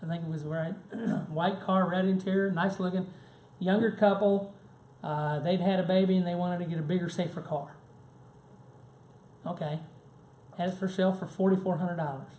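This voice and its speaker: A man's voice: sits high, steady tone, normal speed, a little mellow. A man giving a conversational business seminar, telling anecdotes and checking in with the audience with frequent "right?" and "okay?". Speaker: seminar presenter. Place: seminar room. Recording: echoey room with faint background noise.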